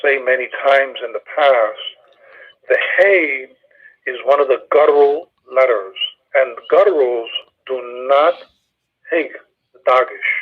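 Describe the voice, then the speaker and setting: A man with a husky voice teaches Hebrew grammar in a Bible study, explaining step by step and pausing often on fillers. He comes through a thin, tinny phone line. His pitch sits in an ordinary middle range. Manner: methodical, patient explaining with frequent "uh" fillers. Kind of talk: Hebrew grammar lesson over a phone call.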